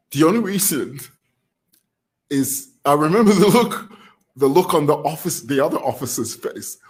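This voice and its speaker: Zambian man, casual vlog talk, lively swooping pitch, fairly high voice, laughs while talking. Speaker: vlogger commentator.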